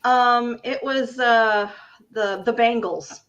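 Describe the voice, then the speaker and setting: Brief: woman in her fifties, bright tone on a slightly dull recording, co-host with lively anecdotes. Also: fairly high pitch, slow. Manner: searching for words, lively anecdotes. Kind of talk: casual chat.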